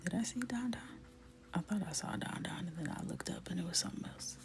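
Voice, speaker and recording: A woman with a lowish voice talks quickly as she colors during a live stream. Casual and chatty, she greets viewers by name and often slips into a soft near-whisper.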